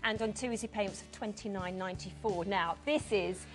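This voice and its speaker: A woman's voice: medium pitch, a little fast, music in the background, poor audio. A woman presenting on a shopping channel, chatty, reading out prices and item numbers. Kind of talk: television presenting.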